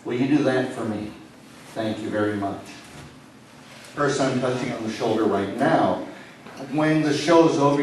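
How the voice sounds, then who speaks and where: A stage hypnotist from Lincoln, Nebraska, performs in a comedy show, delivering slow, calming suggestions that drop soft and low whenever he tells people to relax. He sounds distant in an echoey indoor city hall room, with a faint hiss or hum underneath.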